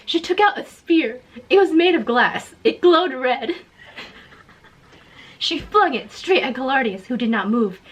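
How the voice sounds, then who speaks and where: A woman's voice: sits high, lively intonation, measured pace, breathy edge, rough recording. A young woman reading her old childhood story aloud, amused, with joking asides and dramatic voices. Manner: amused, reads with dramatic voices, cracks up laughing.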